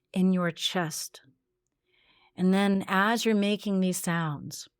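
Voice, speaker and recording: Calm, low-voiced woman coaching a voice exercise. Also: no room sound, studio quality. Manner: calm, measured coaching instructions. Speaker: voice coach and podcast host. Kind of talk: guided voice exercise.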